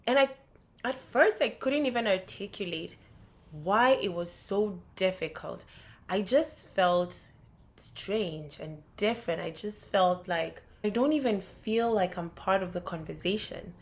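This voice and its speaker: A woman's voice: mid-range voice, unhurried. A young woman from Kenya with a Kenyan accent, talking candidly and reflectively in a vlog. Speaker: vlogger.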